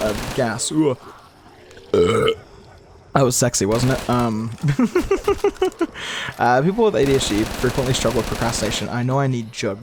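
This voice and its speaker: A man in his twenties giving casual, rambling commentary while playing a game, often restarting his sentences and muttering gameplay remarks under his breath. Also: medium pitch. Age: 20s. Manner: rambling, with frequent restarts and stumbles; switches between lively talk and muttered gameplay remarks. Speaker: gaming YouTuber. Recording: game gunfire and noise behind voice. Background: video game gunfire and zombie sounds.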